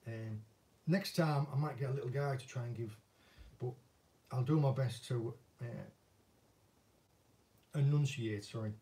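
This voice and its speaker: Northern English fisherman, easygoing self-deprecating chatter, warm low-key voice, recorded a little off-mic. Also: measured pace, long pauses. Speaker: angling vlogger and former commercial fisherman. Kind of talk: casual viewer Q&A chat. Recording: voice a bit distant from the mic.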